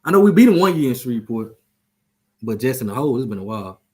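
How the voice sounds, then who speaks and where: A man's voice: mid-range voice, very animated, fast talker, darkish tone. A man hosting a casual sports chat show, talking loosely, joking and trash-talking. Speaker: show host.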